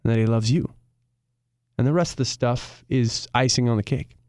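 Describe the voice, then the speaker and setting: A young man chats as a guest in a studio, mixing thoughtful reflection with quick jokes. His voice is smooth and clear, and the close mic leaves it dry with no room sound. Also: mid-range voice, darkish tone, no room sound. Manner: reflective, joking. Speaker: guest musician. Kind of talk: casual chat.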